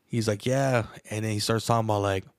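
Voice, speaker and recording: Young guy on a podcast telling a wild story, swears a lot, says bro every line, low voice, dry mic. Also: quick pace, no echo. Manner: animated, profane, says bro constantly. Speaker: podcast co-host. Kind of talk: casual storytelling chat.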